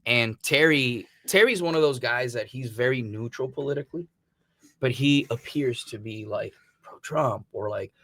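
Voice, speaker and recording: A man's voice: medium pitch, moderate pace, pushed and bright, no echo. A man from Missouri, a podcast host, telling stories in casual chat and swearing freely. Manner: rambling storyteller, swears freely.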